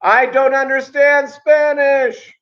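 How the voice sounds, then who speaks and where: A man imitating an impatient male fast-food cashier who yells curtly, in a much higher voice. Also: level tone, lo-fi sound. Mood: impatient yelling. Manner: yelling, curt.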